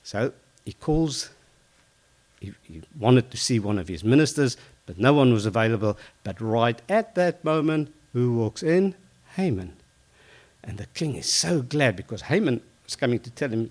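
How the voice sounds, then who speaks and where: Male storyteller with a mid-pitched voice, chatty and animated, correcting himself as he goes. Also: a little slow. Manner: lively and conversational, with fillers and self-corrections. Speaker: Bible storyteller. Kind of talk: informal retelling of a Bible story.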